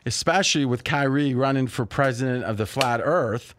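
A man's voice: medium pitch, normal speed, fairly bright tone, a little hiss or hum. A man hosting a sports betting talk show, joking and rambling through casual banter with his co-hosts.

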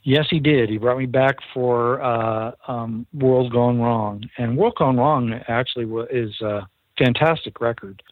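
Speaking a little slowly at medium pitch, a man who works as a recording engineer tells an interviewer a story from the studio and acts out what people said, in an earnest way. It's a tinny, dry phone line with no room sound.

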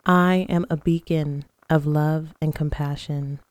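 A woman with a low, mellow voice leads listeners through guided affirmations. She talks slowly and calmly, with a soothing, steady manner. The recording is dry and close. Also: no room sound. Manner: slow, calm, soothing guidance. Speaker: podcast host.

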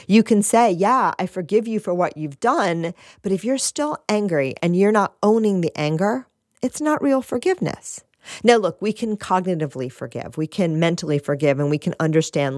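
A woman giving a gentle spiritual talk, repeating phrases and asking "right?", with a soft laugh now and then. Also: fairly low pitch, expressive, normal speed, no echo, clean studio sound.

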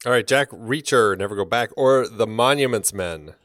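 A man's voice: fairly low pitch, moderate pace, a bit bright, no room sound. A man hosting a casual film podcast, running the rankings as an upbeat, joking moderator.

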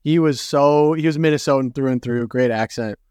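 A man's voice: medium pitch, a little fast, a little mellow, clean tone, no room sound. A young man with a mid-range voice chats casually on a close, dry studio mic. He jokes loosely and fills his talk with ums. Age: young adult. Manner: loose, joking, with fillers. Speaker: podcast host. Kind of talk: casual podcast chat.

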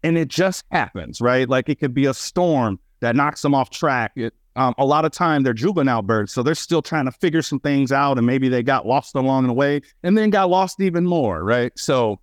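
A man telling stories as a birding guest on a radio chat show, animated and excitable, with lots of fillers. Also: mid-range voice, moderate pace, hardly any pauses, dry recording, studio quality. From Wisconsin, USA.

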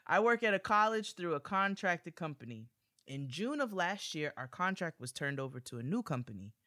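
Brief: young woman podcast host, bright forceful tone, dry close sound, playful letter reader. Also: lowish voice, moderate pace, dry recording. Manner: animated and playful, reading listener letters aloud with commentary. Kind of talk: casual chat.

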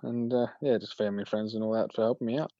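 A man's voice: on the low side, fairly even intonation, very fast, warm tone, dry recording, lo-fi sound. A man, an injured rider, giving brief, easygoing answers in an interview. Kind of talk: casual interview.

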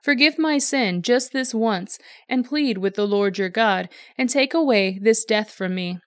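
A woman's voice: a little high, measured pace, no echo, studio quality, lightly acted. A woman reading the lines of Pharaoh, a stubborn proud male king, in a plain read-aloud delivery. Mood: haughty.

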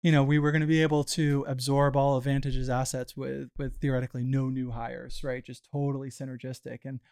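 A man with a mid-range, gravelly yet smooth voice talks fairly quickly as a startup founder guest on a business interview show. His casual storytelling conversation is relaxed and filler-heavy, with frequent restarts and lots of "you know."

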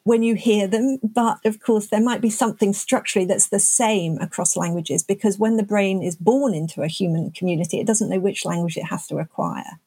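A woman's voice: mid-range voice, steady tone, brisk, hardly any pauses, mellow, slightly rough, no echo. An older woman, a scientist guest, explaining her research thoughtfully in an interview. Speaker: neuroscientist guest.

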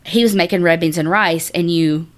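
A woman co-hosting a casual podcast, reading out a listener's ghost story and chatting with lively swearing and laughter. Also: on the low side, moderate pace. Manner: animated, swears, laughs often. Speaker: podcast co-host.

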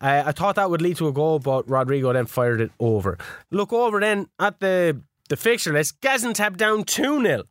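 A man's voice: a little high, expressive, normal speed, dry recording, studio quality. A man co-hosting a casual podcast, recounting his video-game matches with plenty of swearing. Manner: swears freely, storytelling match recaps. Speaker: podcast co-host. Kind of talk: casual chat.

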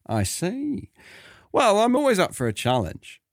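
A man's voice: sits high, wildly swooping pitch, measured pace, no echo, studio quality, voice pushed up, exaggerated voice. A man with a British English accent putting on a pompous, awkward middle-aged male radio presenter as a comedy impression. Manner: self-important, puffed-up delivery. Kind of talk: comedy impression reading a script.

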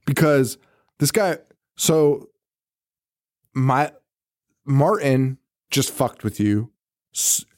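A man's voice: mid-range voice, lively intonation, drawn-out words, long pauses, a little mellow, no echo, clean studio sound. A man co-hosting a podcast, chatting casually about a movie, laughing often, swearing and acting out the characters' lines. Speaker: podcast co-host. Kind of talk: casual chat recapping a movie.

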